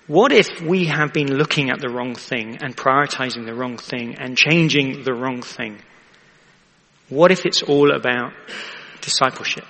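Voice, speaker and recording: A man's voice: mid-range voice, unhurried, fairly bright tone, big-room sound. A man, a vicar preaching in a chatty way and often asking the congregation to agree. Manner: chatty, asks the audience for agreement. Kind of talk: sermon.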